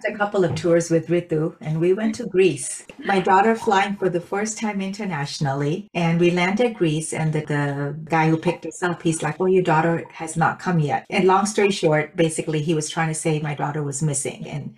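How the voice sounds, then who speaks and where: A woman with a somewhat low voice, telling a story in a lively, animated way. Her delivery is casual and chatty, like friends talking on a podcast. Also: normal speed, hardly any pauses, slight background noise.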